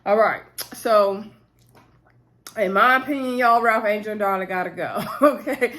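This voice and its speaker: A woman's voice: medium pitch, normal speed, a bit bright. A young woman talking casually to her viewers, chatty and full of fillers as she recaps a TV episode.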